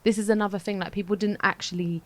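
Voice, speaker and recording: A young woman, co-hosting a podcast and chatting in an animated, slangy, emphatic way. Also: mid-range voice, fast talker, dry recording. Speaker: podcast co-host. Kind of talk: casual chat.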